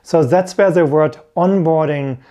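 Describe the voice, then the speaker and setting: A man's voice: on the high side, unhurried, dark tone. A man giving an earnest talk to camera as an IT career coach, repeating his key points. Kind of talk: instructional video talk.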